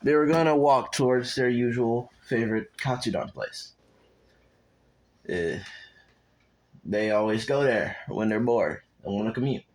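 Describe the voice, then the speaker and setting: A man's voice: medium pitch, a little slow, pauses often, a little mellow, slight background noise, poor audio. Rambling, profane young man telling a story. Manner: rambling and profane, with asides to viewers. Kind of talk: casual improvised fan story narration.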